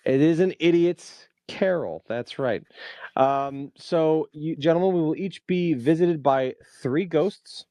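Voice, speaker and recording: A man's voice: fairly high pitch, takes it slowly, dark tone, no echo. A man in his thirties hosting a podcast, with playful, emcee-like announcing. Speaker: podcast host.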